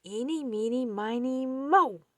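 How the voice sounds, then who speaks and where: A woman voicing a timid, excitable little female mouse in a storybook, with a squeaky voice. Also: slow, breathy edge, no echo, clean studio sound, full character voice. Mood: excited.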